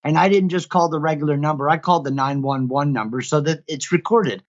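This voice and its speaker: A man who is a guest, telling his own story in casual conversation and growing loud as he acts out what happened. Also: fairly high pitch, fairly quick, dull audio. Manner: animated, gets loud when re-enacting events. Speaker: guest, father who counsels other fathers. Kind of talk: casual conversation, recounting events.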